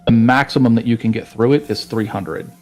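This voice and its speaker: A man's voice: medium pitch, a little fast, darkish tone, soft background music, low-quality recording. A man in a multiplayer voice chat, explaining game mechanics to a teammate in a matter-of-fact, casual way.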